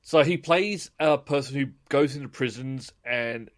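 Relaxed man making dry remarks. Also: mid-range voice, measured pace. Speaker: podcast co-host. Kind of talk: casual chat.

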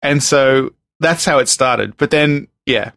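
A man's voice: mid-range voice, takes it slowly, fairly bright tone, no room sound. A man hosting a podcast in casual chat, laughing often and joking loosely. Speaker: podcast host.

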